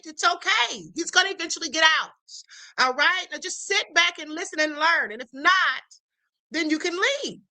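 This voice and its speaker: A woman's voice: high voice, pushed and bright. A woman hosting a livestream, chatting assertively and reassuringly about a court case. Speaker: livestream host. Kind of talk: casual commentary.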